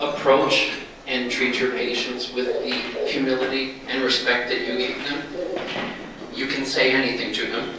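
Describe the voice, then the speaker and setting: A man giving an after-dinner speech, telling a joke in a folksy, halting way, heard from far off in a large banquet hall. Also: mid-range voice, little pitch movement, over a noisy crowd. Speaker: speaker at a retirement dinner.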